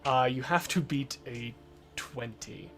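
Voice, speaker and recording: A man narrating a tabletop game as game master, describing scenes in an unhurried way full of fillers. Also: medium pitch, a bit bright, faint music behind.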